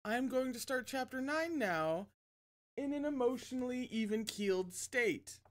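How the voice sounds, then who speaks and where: Woman host, slow unhurried talk, chatty and self-deprecating, reads a novel on stream. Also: a little high, lively intonation. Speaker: channel host reading a novel aloud. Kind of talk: casual livestream reading.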